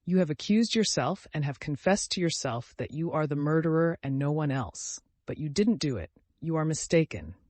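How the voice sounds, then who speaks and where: A male narrator voicing a gentle, earnest young man who speaks softly with timid reproach. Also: fairly high pitch, expressive, normal speed, few pauses, no echo, close to an everyday voice.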